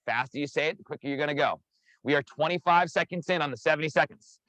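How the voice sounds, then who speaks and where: An energetic man coaching a live online workout class over a video call, counting down reps and calling out participants by name. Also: fairly high pitch, quick pace, dry recording, poor audio. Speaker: fitness instructor.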